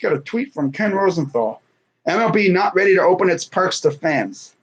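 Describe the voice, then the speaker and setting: A man's voice: high voice, lively intonation, moderate pace, slightly rough, rough recording. A man in his twenties chatting casually about sports on a stream, rambling with lots of fillers and self-corrections while reading live comments. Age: 20s.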